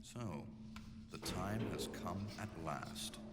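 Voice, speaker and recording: Wesker, icy deep villain. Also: male voice, long reverb tail, loud music behind the voice. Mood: cold. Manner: calm, icy, measured delivery. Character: cold scheming male villain scientist. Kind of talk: video game cutscene acting. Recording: game cutscene over loud score.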